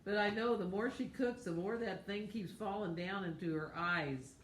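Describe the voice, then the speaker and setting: A woman's voice: mid-range voice, normal speed. A talkative woman co-hosting a home cooking show, gushing over each bite. Her voice bounces around a roomy kitchen, with a faint hum behind it. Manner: chatty and effusive, lots of oohs over food. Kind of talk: casual chat.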